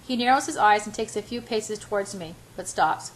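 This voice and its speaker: An older woman reading a novel aloud as an amateur, unhurried, with small slips and restarts. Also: mid-range voice, low-quality recording. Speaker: reader.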